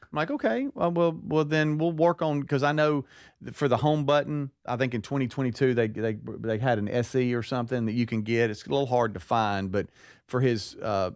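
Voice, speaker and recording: A man's voice: medium pitch, a little mellow, no room sound, clean studio sound. A man co-hosting a talk show, telling a family story and acting out the voices of the people in it. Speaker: podcast co-host.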